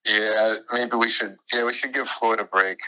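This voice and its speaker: A man's voice: fairly low pitch, fairly even intonation, moderate pace, pushed and bright, poor audio. A man who is a guest on a comedy podcast, giggly and rambling in casual banter.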